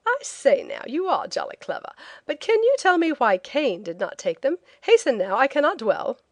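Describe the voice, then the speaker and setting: A woman's voice: high-pitched, big pitch swings, moderate pace, dry recording, voice pushed up, exaggerated voice. A woman voicing a pompous upper-class Englishman who exclaims in a prim, fussy manner. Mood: bantering.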